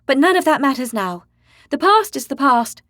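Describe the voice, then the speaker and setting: A woman's voice: sits high, very animated, moderate pace, fairly bright tone, no echo, clean studio sound, pitched above the performer's own voice. A woman narrator voicing a spirited, cheerful young woman fighter in an audiobook, eager and emphatic. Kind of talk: audiobook character voice.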